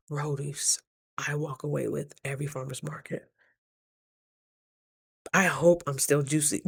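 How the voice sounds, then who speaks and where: Low-voiced sassy woman vlogger, dry sound. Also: dry recording. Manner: animated storytelling with playful sass; swoops high when quoting herself. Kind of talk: casual talk to camera.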